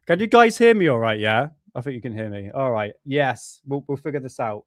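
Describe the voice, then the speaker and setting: A man's voice: medium pitch, lively intonation, a little fast, hardly any pauses, no echo, clean studio sound. Chatty, swearing British man host. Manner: chatty, swears often, laughs at himself. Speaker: livestream host. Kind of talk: casual live-stream chat. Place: home room.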